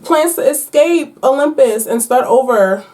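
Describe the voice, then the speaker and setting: A woman's voice: high-pitched, measured pace. A woman book vlogger chatting casually and playfully with her viewers about her reading picks. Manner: chatty, animated, playful slang. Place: at home.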